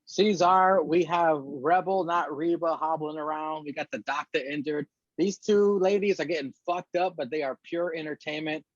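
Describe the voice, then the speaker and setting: A man's voice: a little high, fairly even intonation, normal speed, dry recording, highs cut off. A man hosting a wrestling podcast who steers the chat with questions. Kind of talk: casual chat.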